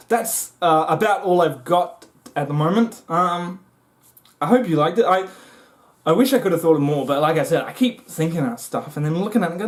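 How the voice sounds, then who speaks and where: Comic vlogger man, animated, voice leaping all over, squeaky bits when he gets excited. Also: moderate pace. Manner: excitable, jumps into high squeaky voices when acting things out. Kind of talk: comic monologue to camera.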